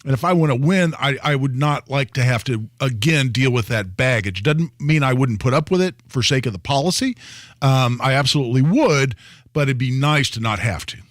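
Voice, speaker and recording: A man's voice: medium pitch, lively intonation, normal speed, no room sound. A man co-hosting a talk radio show, earnest, often restarting his sentences and repeating words, speaking into a studio microphone. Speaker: guest radio host. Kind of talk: talk radio political discussion.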